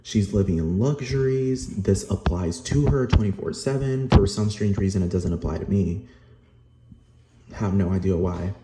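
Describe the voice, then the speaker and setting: A vlogger with a lowish voice delivers a heated, profane, angry rant at a moderate pace, repeating himself and constantly asking whether you understand. He stays loud and restless throughout, in an echoey room with steady noise underneath.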